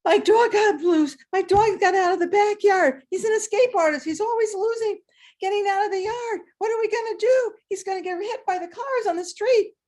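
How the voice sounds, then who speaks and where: A woman voicing a panicked young boy whose dog has escaped, speaking high and loud. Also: normal speed.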